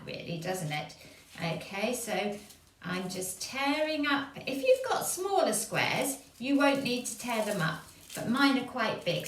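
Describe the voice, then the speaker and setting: An English woman with a gentle, encouraging manner, showing children a craft step by step for a church activity. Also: a little high, far from the mic. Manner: slow, gentle, encouraging, checks in with "okay?". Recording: echoey room, voice off-mic.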